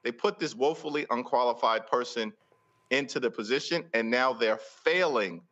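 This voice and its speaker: A man giving forceful political commentary on a talk show, stacking repeated phrases for emphasis. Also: mid-range voice, moderate pace, highs cut off. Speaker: congressional leader interviewed as guest.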